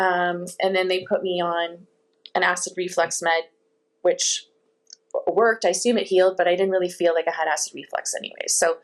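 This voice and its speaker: Animated middle-aged woman telling her story. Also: lowish voice. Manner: animated, with laughs and quoted dialogue. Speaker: interview guest sharing her health story. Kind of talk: casual storytelling.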